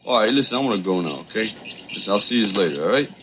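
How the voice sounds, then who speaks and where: An actor playing a gentle, shy boxer in his thirties, mumbling easygoing small talk. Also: fairly low pitch, animated, racing, lightly acted. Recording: noisy film soundtrack with birdsong behind. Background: bird chirps.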